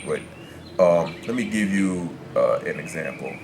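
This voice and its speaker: A man teaching Spanish pronunciation, explaining grammar to the camera in a measured way, stopping to pick his words. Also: low voice, animated, noisy background.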